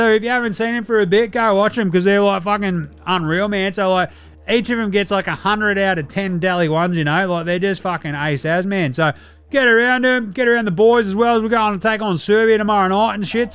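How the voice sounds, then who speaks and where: A man with an Australian accent voicing a brash, swearing young male basketballer in a comedic phoned-in sketch, loud and laddish. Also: high voice, clear, resonant tone.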